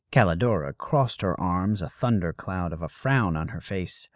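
A man reading a story aloud as narrator in a measured storytelling manner. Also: deep voice, lively intonation, dry recording, studio quality. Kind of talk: scripted narration.

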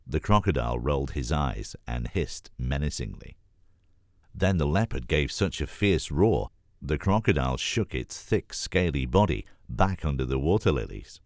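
A man reads a children's animal story aloud for an audiobook audition, telling it clearly and steadily. His voice is extremely deep. The recording is close to the mic and dry, with no room sound. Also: lively intonation, moderate pace, darkish tone, dry recording. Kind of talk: scripted storybook narration.

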